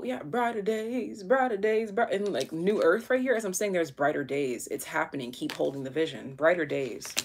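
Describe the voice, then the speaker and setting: A woman's voice: low voice, gravelly, noisy background. Chatty slangy woman reading tarot. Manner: chatty, slangy, thinks aloud with many fillers. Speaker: tarot reader.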